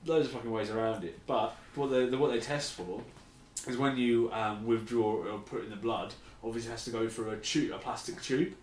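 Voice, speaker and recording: A man's voice: mid-range voice, fairly even intonation, fairly quick. A man, joking and swearing casually as a podcast co-host. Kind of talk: casual chat. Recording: roomy, distant mic with faint noise.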